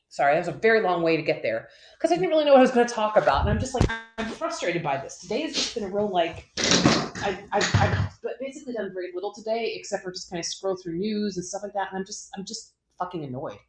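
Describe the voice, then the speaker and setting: A woman's voice: medium pitch, very animated, fast talker, reverberant, very noisy. A woman co-hosting a podcast who rants in a frustrated, rambling way, full of fillers and swearing. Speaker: podcast co-host. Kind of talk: casual ranting chat.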